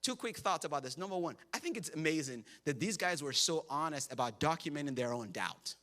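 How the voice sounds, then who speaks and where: A man preaching a sermon in church, telling stories with humor and lively, animated delivery. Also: on the high side, brisk. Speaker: pastor.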